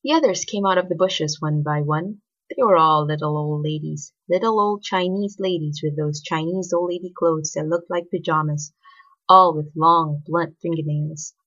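A woman narrating a story in an expressive, scripted reading. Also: sits low, normal speed. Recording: dull lo-fi recording.

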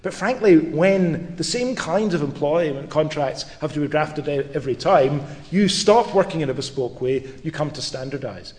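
A middle-aged law professor delivers a public lecture to an audience, his voice echoing with a lecture hall's long reverb. Slightly high and a little mellow, it has lively intonation and a moderate pace with hardly any pauses, and his humour is wry and dry, with the odd restart.

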